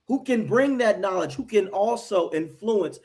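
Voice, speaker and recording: A man's voice: high voice, expressive, measured pace, a little mellow. An American man hosting a fan sports talk show, brash, hyped and profane. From United States. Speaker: show host.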